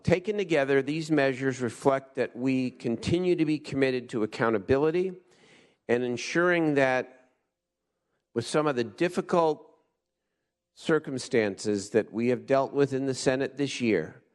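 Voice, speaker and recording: A man presenting a resolution in a legislative chamber, speaking in a measured, deliberate manner with the odd restart. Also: medium pitch. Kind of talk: formal floor speech.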